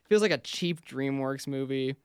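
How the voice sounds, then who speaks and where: A man's voice: medium pitch, normal speed, clean tone, dry recording, clean studio sound. A man co-hosting a casual chat about films, blunt and opinionated, telling stories animatedly with lots of fillers. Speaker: podcast co-host.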